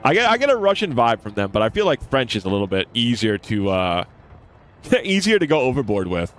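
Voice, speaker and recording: A man giving casual, playful commentary while streaming a game, excitable and swearing casually. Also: medium pitch, fairly quick.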